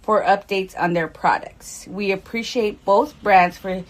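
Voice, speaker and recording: A woman's voice: medium pitch, a little slow. Woman reading sponsor messages. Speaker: sponsor announcer.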